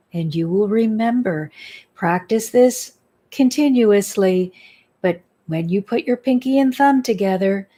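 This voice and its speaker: This spiritual healer has a mid-range, dark-toned voice as she leads a guided tapping meditation. She soothes and instructs, offering affirmations that the listener echoes back to her.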